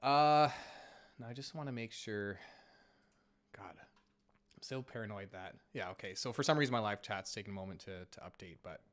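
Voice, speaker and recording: A man's voice: on the low side, normal speed, pauses often, a bit bright. A Canadian man hosting a casual live stream Q&A on finance, chatty and self-deprecating, a little scratchy from a cold. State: getting over a cold, slightly scratchy. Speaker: finance channel host.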